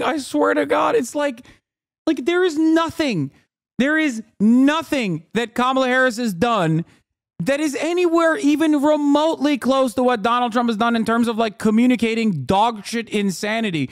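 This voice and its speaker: A male streamer in his thirties rants in incredulous, profane frustration, now and then breaking into a shout. His voice sits very high for a man. The sound is dry and close to the mic. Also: expressive, normal speed, dry recording. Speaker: streamer reacting to a video. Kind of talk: angry ranting commentary.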